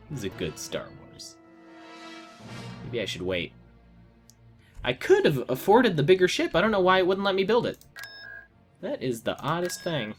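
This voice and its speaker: A man's voice: a little high, huge pitch swings, moderate pace, long pauses, slightly rough, faint music behind. A man giving casual gameplay commentary, talking to the game with exasperated outbursts. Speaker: let's play gamer.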